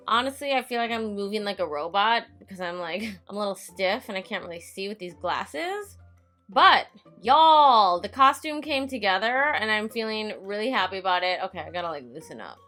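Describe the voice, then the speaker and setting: A woman's voice: mid-range voice, animated, brisk, hardly any pauses, pushed and bright, faint music behind. A woman giving a casual makeup tutorial voice-over, chatty and self-mocking, swearing freely and talking to herself. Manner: talks to herself as an onlooker. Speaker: makeup vlogger.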